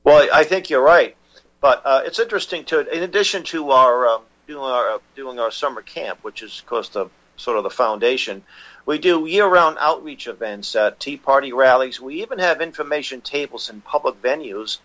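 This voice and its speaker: A man's voice: mid-range voice, normal speed, a bit bright, highs cut off. A man being interviewed as a guest, speaking in a rambling way with many restarts and fillers. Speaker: guest, constitution educator. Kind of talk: phone-in radio interview.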